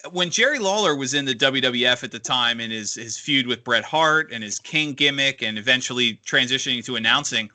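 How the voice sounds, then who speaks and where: A man's voice: medium pitch, bright, forceful tone. A man co-hosting a podcast interview, asking long, searching questions with frequent restarts.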